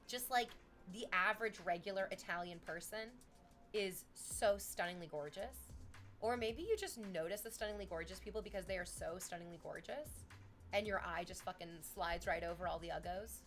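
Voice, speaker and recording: Young woman from Canada, livestream chat, animated storytelling, casual swearing, soft background music. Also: mid-range voice, moderate pace. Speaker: streamer chatting with chat.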